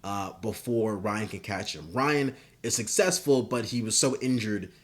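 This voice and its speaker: A man pitching a story idea in casual, rambling talk, swearing and filling gaps with "uh" and "like". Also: measured pace. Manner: rambling and profane, with many fillers. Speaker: video creator.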